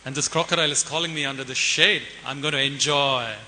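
A man's voice: medium pitch, steady tone, quick pace, pushed and bright. Man doing a naive trusting goat. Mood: admiring. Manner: gullible, admiring. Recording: hiss and long hall reverb.

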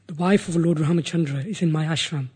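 Husky man retelling a sacred epic. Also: fairly high pitch, fast talker. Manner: earnest, animated, voices the characters. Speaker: religious storyteller.

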